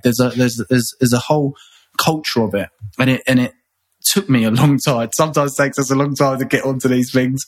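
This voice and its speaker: Husky-voiced man from England. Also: medium pitch, steady tone, a little fast. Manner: rambling, with many restarts and repeated words. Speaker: guest. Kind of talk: conversational interview.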